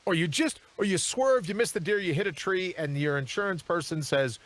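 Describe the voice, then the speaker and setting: A man hosting a live talk show, telling a story in an animated way and acting out the people in it. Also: high-pitched, a little fast. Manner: animated, acts out the people in his stories. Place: studio.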